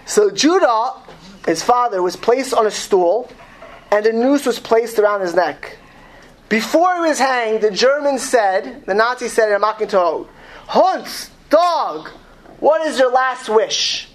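Woman retelling a story with dramatic pauses. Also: fairly high pitch, lively intonation. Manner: dramatic, stumbling restarts, pauses to ask words.

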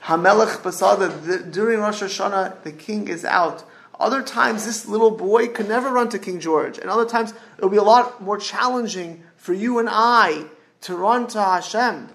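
A man's voice: sits high, moderate pace, creaky, a bit bright. A man telling a story in a sermon, earnest, often repeating and restarting words as he builds emphasis.

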